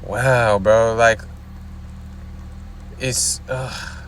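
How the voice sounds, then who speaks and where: A man's voice: mid-range voice, fairly even intonation, drawn-out words, a bit bright, slight background noise. A young man ranting casually to his viewers, exasperated and rambling, repeating himself and swearing. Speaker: YouTuber. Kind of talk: casual rant to camera.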